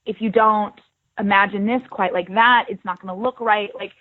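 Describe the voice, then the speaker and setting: A woman's voice: medium pitch, fairly even intonation, moderate pace. A young woman in her twenties, an actress guest in a casual interview, talking in a chatty, upbeat way and laughing easily. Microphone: phone. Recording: tinny phone line.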